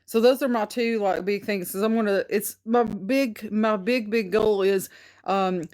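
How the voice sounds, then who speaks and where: A woman's voice: mid-range voice, fairly even intonation, a little slow, a little mellow. A woman with a Southern US country twang calling into a live podcast, hesitant and searching for words with many ums. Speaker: audience caller.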